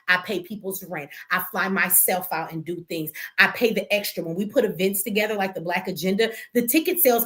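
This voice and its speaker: Bright, high-voiced woman ranting on a livestream. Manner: blunt, profane, impassioned. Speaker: livestream host. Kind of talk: emotional livestream rant.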